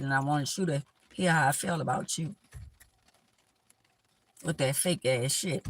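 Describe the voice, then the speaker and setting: A woman's voice: sits low, fairly bright tone. A woman hosting a live stream, giving blunt, emphatic life advice in a casual, preachy way.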